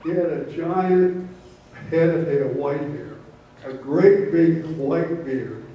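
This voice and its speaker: Slow, folksy male storyteller in a hall. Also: fairly high pitch, lo-fi sound. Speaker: storyteller, former prosecutor. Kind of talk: live storytelling performance. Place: indoor storytelling event hall. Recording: roomy hall, mic from far off.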